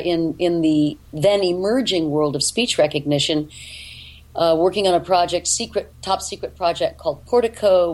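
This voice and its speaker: A woman voice actor and dialect coach, talking in an interview in an articulate, deliberate way. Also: on the low side, darkish tone, rough recording. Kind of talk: interview talk.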